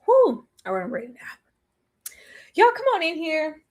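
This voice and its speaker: High, lively woman chatting and laughing. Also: measured pace. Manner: chatty, laughs often, drawls phrases, slips into playful quoted voices. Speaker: TV recap vlogger. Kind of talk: casual chat to a live audience.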